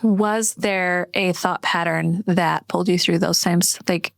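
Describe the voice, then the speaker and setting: A woman co-hosting a podcast, affirming and encouraging as she responds and asks gentle questions. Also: on the low side, fairly even intonation, a little slow, vocal fry, no room sound, studio quality. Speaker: podcast co-host. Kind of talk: supportive podcast conversation.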